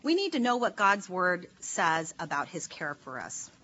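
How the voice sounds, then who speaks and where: Leading an informal devotional Bible study, this woman talks earnestly and chattily, dropping many fillers. Her lowish voice swings widely in pitch at a moderate pace, with a bright, forceful tone, on a slightly dull recording carrying faint noise.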